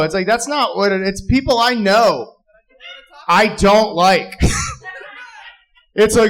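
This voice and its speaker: A man with a high voice performs stand-up in a club. He rambles through his bits and now and then bursts into loud shouted voices. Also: normal speed, pauses often, poor audio. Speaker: stand-up comedian. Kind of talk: stand-up comedy set. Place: live comedy club.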